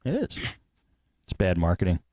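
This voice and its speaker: A man's voice: low voice, wildly swooping pitch, moderate pace, darkish tone, dry recording, clean studio sound. A man hosting a live tech podcast, ranting casually and animatedly with laughs. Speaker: podcast host.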